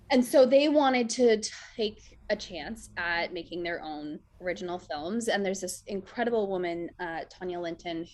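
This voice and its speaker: A woman in a casual interview, telling stories animatedly, acting out quotes and saying "like" a lot. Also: lowish voice. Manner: animated storyteller, acts out quotes, says "like" often. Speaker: actress guest.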